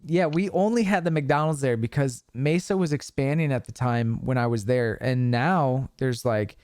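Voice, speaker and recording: A young man hosting a podcast, telling stories in a casual, animated way with plenty of swearing. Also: medium pitch, normal speed, dry recording, studio quality. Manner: animated storytelling with profanity. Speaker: podcast host. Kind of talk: casual chat.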